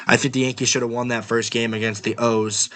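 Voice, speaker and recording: A man's voice: mid-range voice, little pitch movement, a little fast, a bit bright. A man hosting a sports podcast, talking bluntly and offhandedly like a fan. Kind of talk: casual sports podcast talk.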